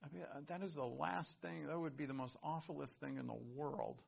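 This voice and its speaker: A man preaching a sermon in a lively, conversational way, with asides and laughter between points. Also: a little high, brisk, gravelly, slightly rough, muffled recording. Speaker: pastor.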